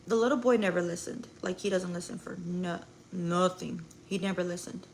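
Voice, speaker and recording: A woman's voice: fairly low pitch, normal speed, a little hiss or hum, low-quality recording. A young woman telling a rambling story to her live viewers, full of "like" and swearing. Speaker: live streamer.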